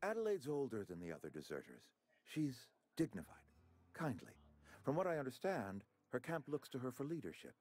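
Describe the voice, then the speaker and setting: A man's voice: medium pitch, wildly swooping pitch, a little fast, a little mellow. A man voicing a pompous middle-aged outpost administrator in a video game, who talks in a formal, fussy and ingratiating way. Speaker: game character.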